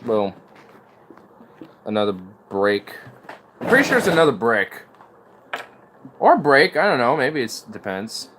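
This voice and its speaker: A man talking casually to his viewers in a loose, rambling way, with frequent swearing. His voice sits at an ordinary middle pitch, and there is a faint hiss behind him. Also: big pitch swings, a little slow, pauses often. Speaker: streamer playing guitar. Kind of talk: casual chat.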